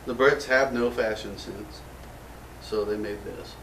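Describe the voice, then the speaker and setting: A man's voice: on the low side, fairly even intonation, a little slow, fairly bright tone, a little hiss or hum. An American man hosting a casual gun show, joking and rambling in a self-mocking way. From United States. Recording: roomy echo from a distant mic.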